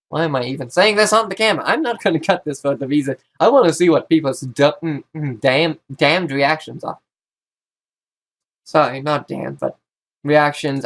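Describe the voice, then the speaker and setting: A man's voice: on the high side, vocal fry. A man and YouTuber talking straight to camera in a casual vlog monologue. He rambles, interrupts himself often and states blunt opinions.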